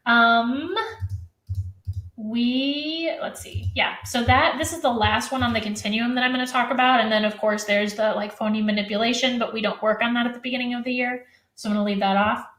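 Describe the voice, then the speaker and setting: Chatty woman teacher, quick live stream. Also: on the high side, fairly bright tone, echoey room. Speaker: teacher presenting a webinar.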